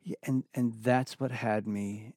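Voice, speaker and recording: A middle-aged man speaking as an interview guest, earnest and reflective, often halting and restarting his sentences. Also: medium pitch, fairly even intonation, a little mellow, dry recording, clean studio sound. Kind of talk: candid personal conversation.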